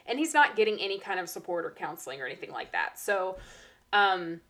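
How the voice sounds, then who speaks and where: A teacher co-hosting a podcast talks briskly in a mid-range voice during a casual chat. When she tells stories, she gets animated and mimics how the children sound.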